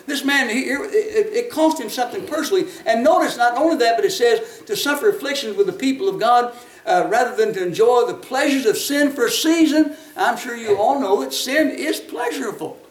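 A man preaching a sermon in a folksy storytelling way, at times rising to emphatic shouts. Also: extremely high pitch, fairly quick. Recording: echoey, from a distance off the mic.

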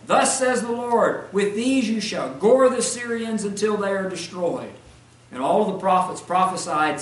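A man's voice: sits high, slight background noise. A man preaching a sermon, reading scripture aloud and asking the listeners conversational questions. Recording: echoey room, mic at a distance.

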